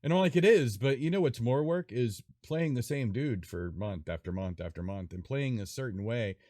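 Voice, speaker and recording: A man hosting a casual gaming podcast, rambling and animated with lots of fillers. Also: mid-range voice, moderate pace, no echo, clean studio sound. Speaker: podcast host. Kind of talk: casual chat.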